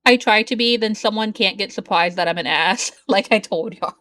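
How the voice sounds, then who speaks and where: A woman chats with her live-stream audience while she plays, at an unhurried pace. She laughs often and keeps things loose and chatty, in a voice pitched neither high nor low. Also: sharp tone. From Southern United States. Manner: talks slowly. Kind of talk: casual live-stream chat while gaming.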